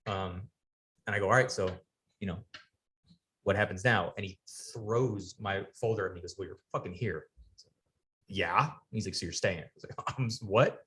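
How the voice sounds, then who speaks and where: A man in his forties, a guest in a podcast studio, telling an animated, profane story and acting out the people in it. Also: sits low, normal speed, pauses often. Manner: animated storyteller, acts out quoted people, swears freely. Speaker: podcast guest, retired Navy sailor. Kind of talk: casual storytelling interview.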